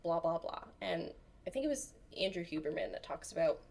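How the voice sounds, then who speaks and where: Animated woman telling a story. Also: fairly low pitch, fairly quick, vocal fry. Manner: animated storyteller, acts out quotes. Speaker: guest. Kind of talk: casual interview chat.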